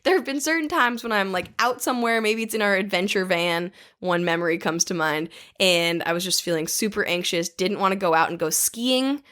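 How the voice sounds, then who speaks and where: A woman's voice: mid-range voice, fairly quick, hardly any pauses, a bit bright. A woman hosting a podcast, talking in an upbeat, casual way. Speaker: podcast host.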